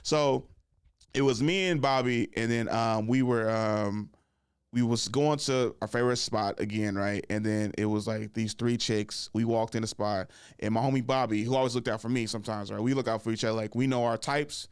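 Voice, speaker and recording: A man's voice: mid-range voice, fairly even intonation, normal speed, clear, resonant tone, dry recording, studio quality. Laughing, casual male podcast host. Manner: laughs often, fills with "like" and "right?". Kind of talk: casual storytelling.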